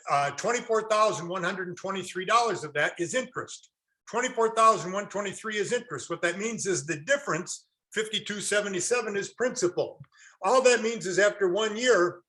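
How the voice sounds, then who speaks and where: A man's voice: sits high, fairly bright tone. A man lecturing a classroom, quizzing his audience and answering his own questions with folksy jokes. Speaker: real estate instructor.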